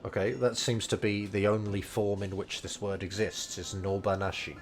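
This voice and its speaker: A man's voice: fairly low pitch, level tone, normal speed, over music. A man explaining game dialogue line by line, thinking aloud with lots of hedging and fillers. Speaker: language learning streamer.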